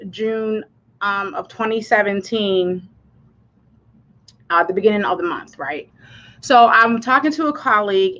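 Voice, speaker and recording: Woman livestream host, mid-pitched, nervous and chatty, full of fillers, on slightly muffled audio. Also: fairly bright tone. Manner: chatty, rambling, many fillers and restarts. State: anxious, voice cracking. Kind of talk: casual personal livestream.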